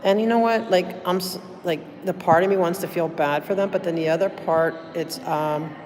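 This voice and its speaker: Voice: medium pitch, steady tone, moderate pace, darkish tone, big-room sound. A livestreamer, worn out from little sleep, chatting casually with viewers at a public meeting, rambling with lots of fillers and thanks. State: tired, running on little sleep. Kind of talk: casual live chat with viewers. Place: city hall building, indoors.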